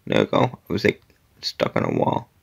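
A man's voice: rumbling low, wildly swooping pitch, normal speed, gravelly, breathy edge. A man giving casual commentary while playing an obstacle-course game, muttering to himself, sometimes dropping to a whisper and sometimes exclaiming at setbacks.

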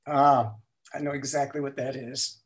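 An older man telling stories as an interview guest. He talks in an animated way, acts out the quotes and often restarts his sentences. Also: medium pitch, normal speed. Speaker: guest, language inventor. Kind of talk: storytelling interview.

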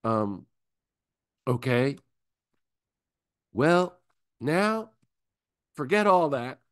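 A man, a priest, teaching a Bible class, retelling gospel scenes and acting out the disciples in higher voices. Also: extremely slow. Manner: animated, acts out disciples in high voices.

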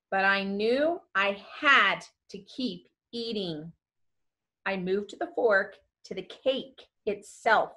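Teacher lady reading a book aloud to her class, slow and super expressive, asks them questions. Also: medium pitch.

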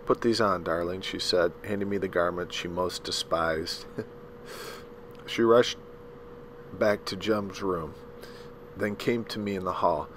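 A man reads a novel aloud with measured, dramatic pacing, stumbling now and then over a word. His voice sits somewhat low and has a bright, forceful edge, with a faint hiss underneath. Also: steady tone, low-quality recording. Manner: measured, dramatic storytelling with a few slips. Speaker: audiobook reader. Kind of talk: scripted narration of a novel.

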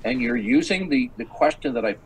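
A man's voice: mid-range voice, lively intonation, a little fast, vocal fry, slight background noise, rough recording. A man in his sixties in a heated online debate who keeps pressing his questions and talks over the other speaker. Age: 60s.

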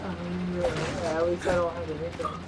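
A woman's voice: lowish voice, flat delivery, normal speed, heavy background noise. A woman teasing and giggling in casual chat while co-playing a video game. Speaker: let's play co-host.

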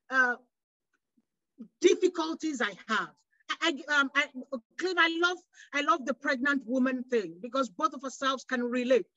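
Impassioned high-pitched woman from West Africa. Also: bright, forceful tone, no echo, highs cut off. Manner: impassioned, rhetorical questions, frequent restarts. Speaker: panelist. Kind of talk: panel discussion.

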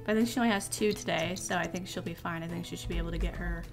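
A woman giving casual let's-play commentary, chatty and excitable as she reacts aloud to the game. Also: on the low side, very fast, gravelly, music in the background. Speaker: gaming video creator.

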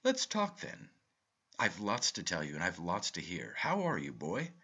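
A man voicing a loud, hearty American uncle, husky and lively. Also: sits low, normal speed, exaggerated voice. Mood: eager. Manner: loud, exuberant, excited exclamations. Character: hearty, blunt middle-aged American uncle.

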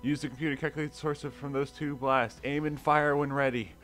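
A man's voice: mid-range voice, fairly even intonation, fast talker, fairly bright tone, faint music behind, lightly acted. A man reading a commanding male starship captain from a game, barking orders with rising urgency. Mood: urgent.

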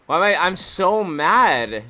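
A man's voice: high-pitched, sing-song, slow pace, noisy background. A man streaming, casually commenting and laughing at his own old clips. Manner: casual, sheepish, swearing. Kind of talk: reaction commentary.

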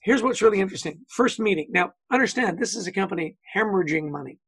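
A man's voice: sits high, expressive, fast, fairly bright tone, breathy edge, no room sound, low-quality recording. A man speaking as a guest on a video-call webinar, telling anecdotes, acting out quotes and saying "you know" often. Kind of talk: conversational webinar talk.

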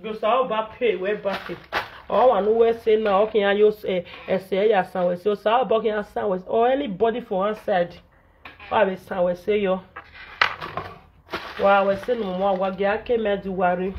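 A woman's voice: mid-range voice, fairly even intonation, moderate pace, a little hiss or hum. A Nigerian woman vlogger, venting in Pidgin English and scolding repetitively in an indignant tone. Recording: dull lo-fi audio.

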